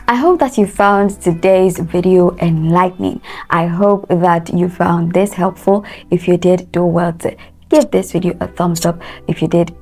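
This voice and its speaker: Slow, deliberate woman coaching pronunciation. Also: on the low side, creaky, mellow, breathy edge. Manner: slow, deliberate, repeats words for drill. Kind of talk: pronunciation lesson.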